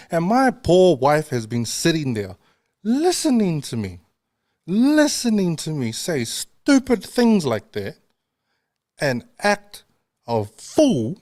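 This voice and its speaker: A man's voice: on the high side, sing-song, takes it slowly, darkish tone, no room sound, clean studio sound. A male radio host in casual chat, talking in a chatty, self-mocking way and laughing often. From not London.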